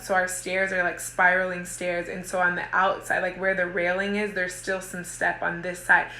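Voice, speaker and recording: A woman's voice: medium pitch, bright, forceful tone, echoey room. A woman in her thirties, a mother who coaches a women's group, gives a casual motivational talk. She rambles with lots of "like" and restarts herself often. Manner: rambling, heavy use of "like", frequent restarts.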